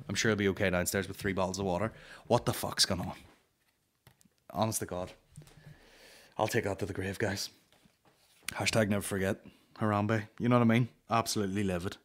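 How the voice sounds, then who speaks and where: A man's voice: fairly low pitch, fairly even intonation, a little fast, long pauses. A man hosting a comedy podcast, telling a heated, sweary story in an exasperated rant. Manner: sweary, heated and exasperated, with frequent "you know what I mean".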